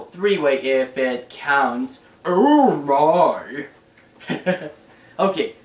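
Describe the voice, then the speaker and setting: Young male vlogger, excitable and rambling, a bit high-pitched, distant mic with an echoey room. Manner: rambling, excitable, lots of fillers and restarts. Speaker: YouTuber answering fan questions. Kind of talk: casual vlog chat. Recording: roomy sound, away from the mic.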